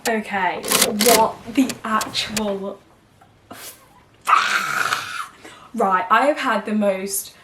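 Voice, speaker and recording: A woman's voice: mid-range voice, very slow, long pauses, roomy sound, distant mic, heavy background noise. Dramatic chatty woman vlogger. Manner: chatty and dramatic, swings between outrage and giggling. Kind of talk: casual vlog chat.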